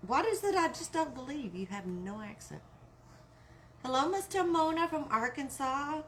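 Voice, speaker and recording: A woman's voice: high voice, lively intonation, moderate pace, a little hiss or hum. A woman with a Texan accent hosting a live craft tutorial, chatting and greeting viewers by name as she works. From Texas. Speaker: craft live-stream host.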